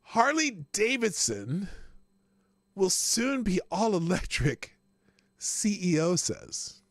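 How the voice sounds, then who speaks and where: A man's voice: high voice, very animated, slow pace, dry recording, clean studio sound. A male host giving casual live commentary, crude and mocking, often breaking into laughter.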